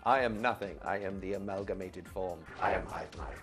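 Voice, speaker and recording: A man voicing an ominous collective hive-mind entity, speaking slowly and solemnly. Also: deep voice, soft background music, voice pushed down, lightly acted.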